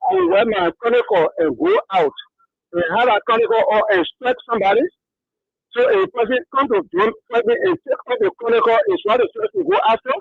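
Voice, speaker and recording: A man's voice: very high-pitched, sing-song, fairly quick, creaky, no echo. A man with a Liberian accent, a pastor calling in to a radio talk show, who talks hesitantly and fills gaps with uh. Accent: Liberian English. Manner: hesitant, full of fillers. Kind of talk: call-in radio opinion. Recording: tinny phone line.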